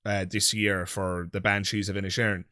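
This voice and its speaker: A man's voice: on the low side, fairly quick, no room sound, clean studio sound. An Irish man from Ireland hosting a podcast, chatting casually and voicing strong opinions with a laugh. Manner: opinionated, animated, laughs often. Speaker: podcast host. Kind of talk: casual chat.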